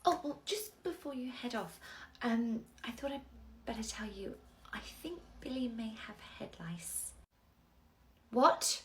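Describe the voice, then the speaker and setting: A woman playing a soft-spoken young nursery nurse in a comedy sketch, talking quietly and gently and often dropping to a near whisper. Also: fairly high pitch, unhurried, hardly any pauses, slight background noise, voice pushed down, lightly acted, poor audio. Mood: calm.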